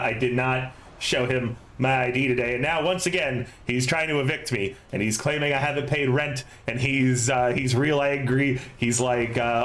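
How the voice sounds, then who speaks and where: A man's voice: medium pitch, fairly bright tone, rough recording. A man hosting a tabletop game stream, telling a long story in a loose, rambling way with many fillers, swears and laughs. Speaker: game master and stream host. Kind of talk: casual chat before a tabletop game.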